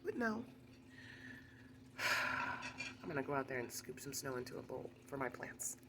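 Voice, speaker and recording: A woman's voice: very deep voice, sing-song, creaky, heavy background noise. Chatty woman vlogger rambling through a story. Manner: rambling, chatty, quick asides and laughs. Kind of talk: casual storytelling.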